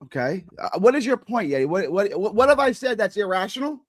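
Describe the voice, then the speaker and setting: A man arguing loudly and combatively with chat comments on a live stream. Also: high-pitched, big pitch swings, brisk. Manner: combative, argumentative, loud. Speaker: regular show guest. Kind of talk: heated live-stream talk.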